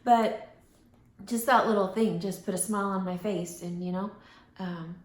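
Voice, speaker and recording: Woman vlogging, casual rambly chat, middle pitch, echoey room. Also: fairly even intonation, moderate pace. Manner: rambling, loses her thread, acts out quoted voices. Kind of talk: casual talking-to-camera vlog. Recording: roomy echo.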